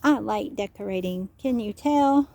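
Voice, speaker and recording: Woman guiding kids outdoors, teacherly and patient, slow delivery, mellow tone. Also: medium pitch, vocal fry. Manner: patient, teacherly, keeps asking children questions; spells words out letter by letter. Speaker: children's educator. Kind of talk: nature walk talk for children. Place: outdoors on a walk.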